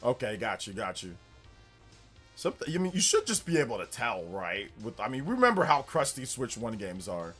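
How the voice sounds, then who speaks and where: A man's voice: medium pitch, sing-song, normal speed, fairly bright tone, husky, faint music behind. A man from California hosting a casual live stream, chatting with viewers in an upbeat, elevated presentation voice and laughing often. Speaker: streamer hosting a live gaming news show.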